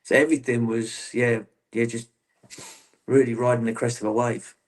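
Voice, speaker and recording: A man being interviewed about his playing days. He talks in a rambling way, restarting phrases as he goes, in an easy, conversational voice at an ordinary pitch. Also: level tone, moderate pace. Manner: rambling, self-interrupting storyteller. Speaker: guest, former footballer. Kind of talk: casual interview chat.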